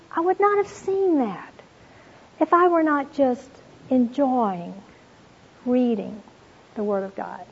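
A woman gives a devotional Bible talk, retelling scripture with earnest warmth. Her voice sits a little high and has a husky edge. The recording sounds dull and lo-fi. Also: takes it slowly, long pauses. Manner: earnest storytelling, reads scripture aloud, addresses listeners as "you all". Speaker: Bible teacher.

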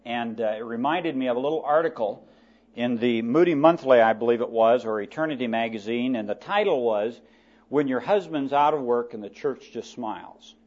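A man preaching a sermon in a church, reading scripture slowly and then talking plainly to the congregation. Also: mid-range voice, a little mellow, highs cut off.

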